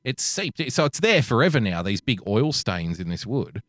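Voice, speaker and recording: A man's voice: mid-range voice, big pitch swings, moderate pace, a bit bright, no room sound, clean studio sound. A man telling a story in casual chat, swearing and acting out the people he quotes.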